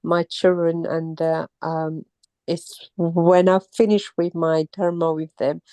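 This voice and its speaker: Halting low-voiced woman with a cold. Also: level tone, dark tone, no room sound. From Mauritius. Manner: halting, many pauses and restarts. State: has a cold and sore throat. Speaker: interviewee, temple visitor. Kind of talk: casual personal account.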